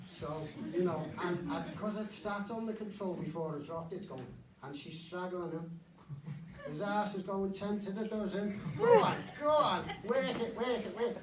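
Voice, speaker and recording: Blunt, sweary comedian on stage. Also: male voice, sits high, noisy background. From Liverpool area. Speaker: stand-up comedian. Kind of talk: live stand-up set. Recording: echoey club from far off. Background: audience laughter.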